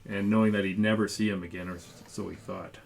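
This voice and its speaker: A man narrating a tabletop game as the game master, telling the story at an unhurried pace with occasional fillers. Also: fairly low pitch, little pitch movement, vocal fry. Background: background music.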